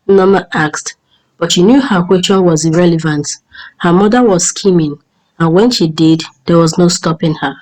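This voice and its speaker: A woman narrating a folk tale in a steady, measured storytelling voice. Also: lowish voice, rough recording.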